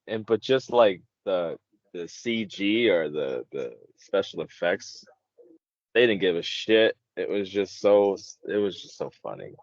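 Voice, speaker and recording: Male podcast co-host, very low voice, blunt and sweary, dry close sound. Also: big pitch swings, measured pace, no echo, highs cut off. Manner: blunt, swears freely, trails off. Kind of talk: casual chat.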